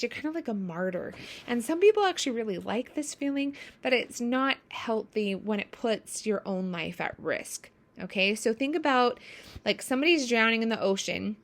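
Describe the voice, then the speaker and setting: A woman's voice: medium pitch, moderate pace. Woman teaching, acting out quoted examples. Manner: acts out quoted examples with lively shifts in voice. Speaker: coach. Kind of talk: casual explanatory teaching.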